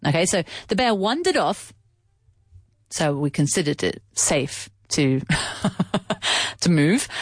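A woman's voice: sits low, dry recording, clean studio sound. A woman telling a story in a casual, chatty way as an English teacher, stopping to explain words as she goes. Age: adult with a child.

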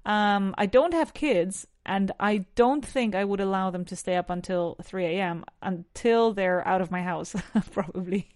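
A woman's voice: mid-range voice, measured pace, a little mellow, dry recording, studio quality. A woman with a Spanish accent teaching English on a podcast, asking numbered questions and answering them in full sentences.

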